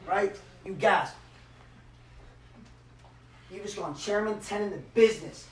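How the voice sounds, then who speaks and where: A man giving a motivational speech and leading a guided visualization, swinging between shouted hype and hushed emotional moments. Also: high-pitched, normal speed, reverberant, far from the mic, crowd noise, rough recording. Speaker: motivational speaker.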